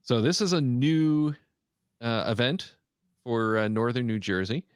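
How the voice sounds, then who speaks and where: A man co-hosting a casual podcast chat, reading through a list with frequent pauses and fillers. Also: mid-range voice, clean tone, no room sound, studio quality. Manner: halting, many "uh" fillers while reading out a list. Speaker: podcast co-host.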